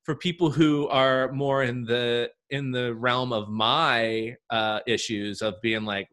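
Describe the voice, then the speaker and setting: A man's voice: mid-range voice, a little slow, sharp tone. A man hosting a podcast, talking in a chatty, playful way with lots of fillers, who also works in casting. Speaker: podcast host and casting professional. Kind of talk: casual podcast conversation.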